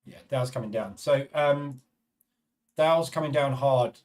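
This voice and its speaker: Male live trading stream host, casual running commentary, mid pitch, a little distant from the mic. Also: unhurried, darkish tone. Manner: casual, thinking aloud, chatting to viewers.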